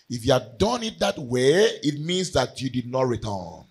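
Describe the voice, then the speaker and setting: A man preaching a sermon, swinging from loud cries to hushed lines. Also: mid-range voice, very animated, normal speed, hardly any pauses, slightly rough, poor audio.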